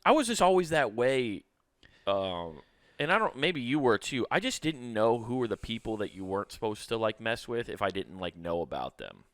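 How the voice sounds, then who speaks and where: Animated, laughing man telling stories. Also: on the low side, normal speed, no room sound, clean studio sound. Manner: animated storyteller, laughs often, swears freely. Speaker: podcast host. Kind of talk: casual chat.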